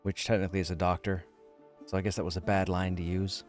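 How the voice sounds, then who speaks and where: Faint music plays behind a man talking quickly in a low voice that barely moves in pitch. He's streaming a game live, casually chatting, cracking jokes and making fun of himself for his viewers.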